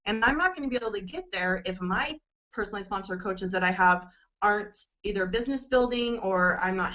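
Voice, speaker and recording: A woman's voice: medium pitch, fairly bright tone. Woman, forties, casual rambling coach sharing her story, lo-fi audio. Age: 40s. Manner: rambling, many fillers, tearful at times. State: emotional, near tears. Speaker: network marketing coach. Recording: dull lo-fi sound.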